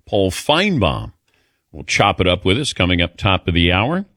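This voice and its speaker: Lively male radio host, dry studio. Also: sits low, moderate pace, no echo. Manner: lively, laughs often, reads ad copy. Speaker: radio sports talk host. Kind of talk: casual studio banter.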